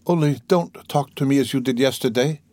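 A man voicing an anxious, distressed young woman who pleads softly. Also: medium pitch, fairly quick, no echo, voice pushed up, lightly acted.

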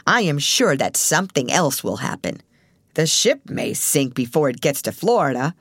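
A man's voice: on the high side, very animated, moderate pace, a bit bright, slightly rough, no room sound, clean studio sound, exaggerated voice. A woman voicing a gloomy, grumbling actor. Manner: grumbling, doom-laden. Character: gloomy superstitious male actor.

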